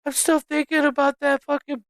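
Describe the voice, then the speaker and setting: A man's voice: extremely high pitch, level tone, moderate pace, no room sound, pitched above the performer's own voice. A man doing a whiny little Chihuahua girl. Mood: whiny pleading. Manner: whining, pleading, childlike. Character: whiny spoiled little female Chihuahua begging.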